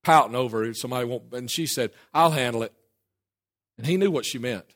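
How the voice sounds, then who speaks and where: A man preaching a sermon, emphatic and hurried, swinging between loud declarations and low asides. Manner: hurried, with restarts and asides to a helper. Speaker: pastor.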